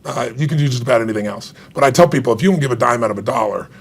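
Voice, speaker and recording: A middle-aged man, an author being interviewed, telling an emotional story with animated retold dialogue and frequent laughs. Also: medium pitch, rapid-fire, creaky, breathy edge. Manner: animated, acts out quoted dialogue, laughs often. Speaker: author and guest.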